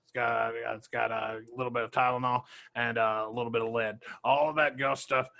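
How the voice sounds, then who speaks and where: A man's voice: flat delivery, creaky, bright, forceful tone. A man doing a blustering supplement salesman. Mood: mock pitch. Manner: mock sales pitch, halting with fillers. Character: blustering male conspiracy salesman pitching supplements.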